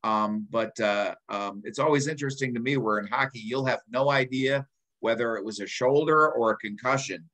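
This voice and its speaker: Sixty-something male co-host, mid-pitched, rambling and full of fillers. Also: moderate pace, fairly bright tone, low-quality recording. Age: 60s. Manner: rambling, many ums and uhs, self-interrupting. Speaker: podcast co-host. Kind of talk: casual chat.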